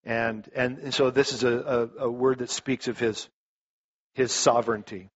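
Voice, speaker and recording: A man's voice: medium pitch, moderate pace, breathy edge. A male pastor preaching a sermon in a conversational way, telling stories with lots of restarts. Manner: conversational, animated storytelling, frequent restarts. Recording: dull lo-fi recording.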